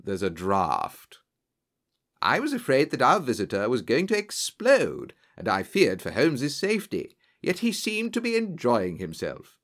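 A male narrator reads a story aloud with lively, expressive delivery. His pitch rises and falls widely as he carries the scenes along. He also acts out the dialogue. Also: moderate pace, hardly any pauses. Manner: expressive, voices characters in dialogue. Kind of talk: audiobook narration.

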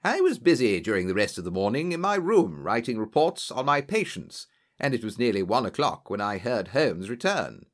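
A man's voice: medium pitch, moderate pace. A man narrating a storybook, reading expressively and acting out the dialogue. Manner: expressive, voices characters in dialogue. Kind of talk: audiobook narration.

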